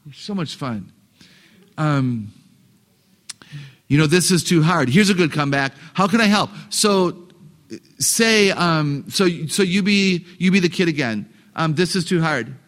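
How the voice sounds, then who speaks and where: Male seminar speaker, upbeat and humorous, quizzes the crowd, higher-pitched voice. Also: measured pace. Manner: animated, joking, asks the audience questions. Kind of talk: live talk to an audience of parents.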